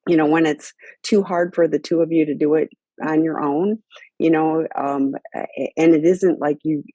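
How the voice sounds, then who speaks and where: A woman's voice: deep voice, steady tone, normal speed, dark tone, no echo. A woman hosting a podcast, chatting casually and hesitantly with frequent restarts and "you know"s. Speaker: podcast host. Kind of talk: casual chat.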